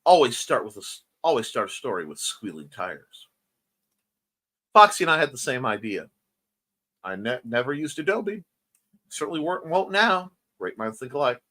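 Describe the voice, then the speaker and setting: A chatty male host runs a relaxed morning stream, reading comments aloud and tossing in quick asides. His voice sits a little high and swings up and down constantly. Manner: lively, chatty, quick asides and self-corrections. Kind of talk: casual livestream chat reading viewer comments.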